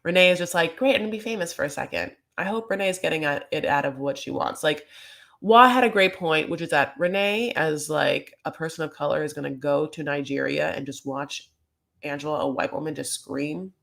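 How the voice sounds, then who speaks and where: A woman with a slightly low voice riffs through a reality TV recap in a loose, gossipy ramble. She talks casually and fills her sentences with "like" and "you know" as she goes. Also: normal speed, vocal fry, a bit bright.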